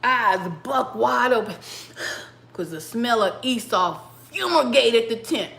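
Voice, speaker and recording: Woman livestream host with an unhurried, animated storytelling delivery and a bright voice. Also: fairly high pitch, gravelly, reverberant. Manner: animated and laughing, breaks into song. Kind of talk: casual retelling of a Bible story.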